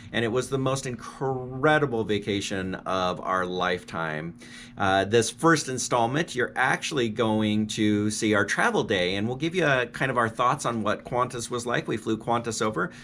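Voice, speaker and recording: A man's voice: medium pitch, normal speed, fairly bright tone, slight background noise. A man in his fifties from the United States, talking in a chatty, joking way as a travel vlogger. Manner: chatty and jokey. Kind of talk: casual travel vlog talk.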